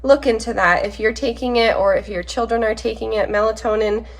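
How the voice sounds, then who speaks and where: A woman's voice: a little high, steady tone, a little fast. A woman in her thirties, a mother chatting casually through a grocery haul, talkative and practical with rambling asides, a little sick. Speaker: mother vlogger.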